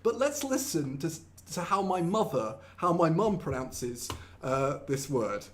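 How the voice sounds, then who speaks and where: A young man hosting a live online English lesson, playful, laughing often, switching into quick Korean explanations. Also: fairly high pitch, sing-song. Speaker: English teacher and host.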